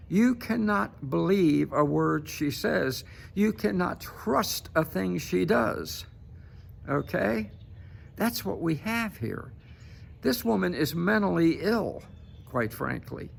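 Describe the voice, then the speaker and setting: A man's voice: high-pitched, gravelly, slight background noise. A man giving casual political commentary to camera, emphatic and repeatedly tagging his points with "okay?".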